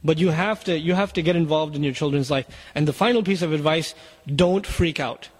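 Urgent preaching man, high voice. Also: a little fast, slightly rough, big-room sound. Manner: urgent, exhorting, addresses parents directly. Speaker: Muslim speaker. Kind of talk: sermon.

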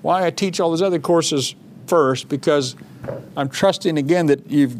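A man's voice: a little high, moderate pace, darkish tone, a little hiss or hum. A man preaching a sermon, reading scripture with mounting emphasis and breaking into chatty asides. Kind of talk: sermon teaching.

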